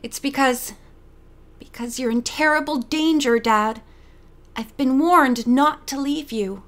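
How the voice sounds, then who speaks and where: A woman's voice: sits high, unhurried, fairly bright tone. A woman reading the part of an earnest, worried young woman detective in an audiobook. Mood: urgent. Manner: earnest, eager.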